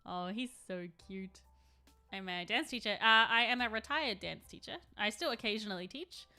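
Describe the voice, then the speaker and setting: A woman's voice: mid-range voice, moderate pace, bright, forceful tone, soft background music. A woman in her thirties chatting casually on a live stream, rambling and answering chat while she paints miniatures.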